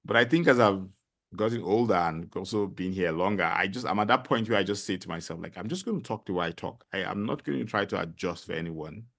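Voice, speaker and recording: A middle-aged man with a Nigerian accent, a podcast guest telling stories in a casual interview, animated and full of fillers. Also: low voice, fast talker, gravelly. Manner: animated storyteller, many fillers.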